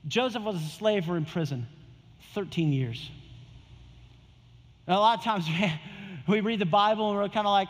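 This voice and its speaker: A man's voice: sits high, lively intonation, normal speed, pauses often, in a large hall. A male pastor preaching a sermon in a casual, conversational way, repeating his key phrases.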